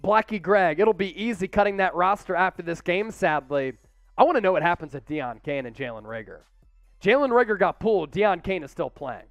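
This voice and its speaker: Man, sports host, high clear voice, dry sound, faint music, loud cheering play-by-play. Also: brisk, no echo. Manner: excitable, shouts chants and play-by-play calls. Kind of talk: live sports watch-party commentary.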